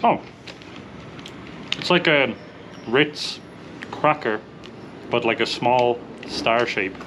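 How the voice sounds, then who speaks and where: A man's voice: mid-range voice, drawn-out words, noisy background. A young Irish man hosting a casual vlog, upbeat as he tries snacks and rates them out of ten. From Ireland. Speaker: vlog host.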